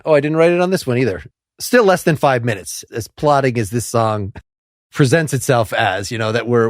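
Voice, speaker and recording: A man's voice: mid-range voice, dry recording. Dry, rambling male podcast host. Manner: inquisitive, rambling questions with frequent laughs. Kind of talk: casual interview chat.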